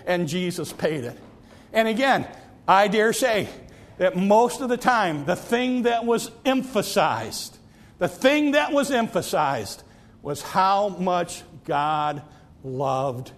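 A man preaching a sermon, repeating and stretching key phrases, sometimes sinking to a hush and sometimes rising to a cry. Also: sits high. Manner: drawn-out emphatic phrases, dropping to near whispers; repeats phrases and stumbles on restarts.

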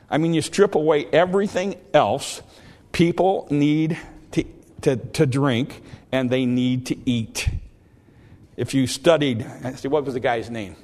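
A man's voice: mid-range voice, a little mellow. Man preaching a conversational sermon. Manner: conversational preaching with repeated restarts, slowing down to stress scripture lines.

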